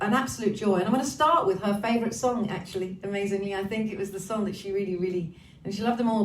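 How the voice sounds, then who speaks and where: A cheeky Welsh singer hosts a livestream from her home, chatting and swearing freely as she greets viewers. Her mid-range voice is a little mellow. The echoey room gives a roomy echo, with a slightly distant mic and faint hiss.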